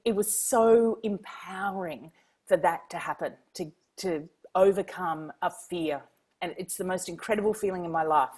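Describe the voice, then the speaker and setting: A woman from Queensland, an author and former foreign correspondent, telling animated anecdotes in an interview and laughing often. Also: lowish voice. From Queensland, Australia. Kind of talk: interview storytelling.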